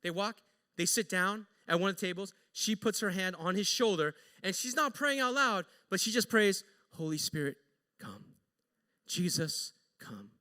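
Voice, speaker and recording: A man preaching a sermon as an animated storyteller who acts out the people in his story. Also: high-pitched, moderate pace, in a large hall. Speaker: pastor. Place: church sanctuary.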